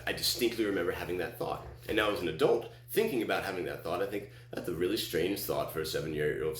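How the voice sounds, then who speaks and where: A very deep-voiced man from Texas tells a rambling personal story, full of restarts and acted-out quotes. His voice echoes around a roomy space, and a faint hum sits underneath. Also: fairly bright tone. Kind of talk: personal story told on stage.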